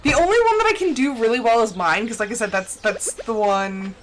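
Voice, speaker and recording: Giggling often, a young woman from the central United States chats casually on a gaming stream from home, speaking into a close desk mic in a General American accent. Her voice is on the high side and fairly quick, with slight background noise.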